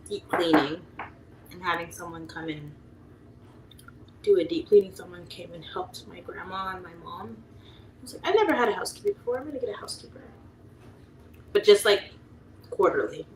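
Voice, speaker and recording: A woman in her late thirties chats casually on a livestream, answering viewer comments with easy laughter and the odd whispered aside. Her voice sits a little low for a woman. The room around her is echoey, with a faint ambient hum. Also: darkish tone. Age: 30s. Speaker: livestream host.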